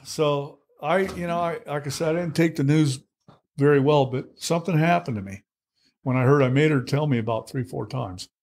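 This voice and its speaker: A man's voice: fairly high pitch, moderate pace. An older man in his sixties speaks as an interview guest, candid and blunt. He tells his story with salty language and acts out the voices of people in it. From United States. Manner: blunt, salty, animated retelling with acted quotes.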